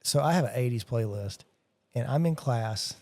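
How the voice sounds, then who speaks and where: A middle-aged man on a podcast, an animated storyteller who keeps saying "dude" and "bro" in casual chat. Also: medium pitch, normal speed, no echo. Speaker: podcast guest, jiu-jitsu instructor.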